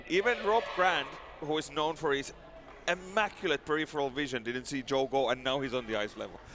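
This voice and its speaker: A man's voice: medium pitch, fairly quick, background noise. A man giving live ice hockey color commentary from the gantry, bantering and laughing. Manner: lively, laughs a lot, banter.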